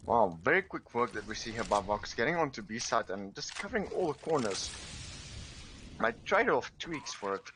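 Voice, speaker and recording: A man's voice: medium pitch, moderate pace. A man giving live play-by-play commentary on an esports match. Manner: steady play-by-play. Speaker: esports caster. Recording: faintly noisy stream audio.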